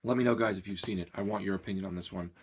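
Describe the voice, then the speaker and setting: A man's voice: sits low, very fast, slightly rough. Rambling man giving a casual movie review. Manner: rambling and conversational, with many fillers. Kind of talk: casual spoken film review.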